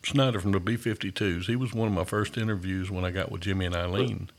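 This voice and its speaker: Talking fast in a low voice with fairly even intonation, a podcast host chats through a casual interview. He's relaxed and enthusiastic, frequently dropping the word "man."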